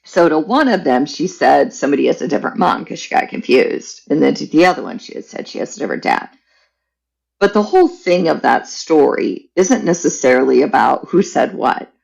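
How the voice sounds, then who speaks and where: A woman guest on a podcast, telling a personal family story in a candid, animated way. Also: low-pitched, fairly quick, gravelly, rough recording.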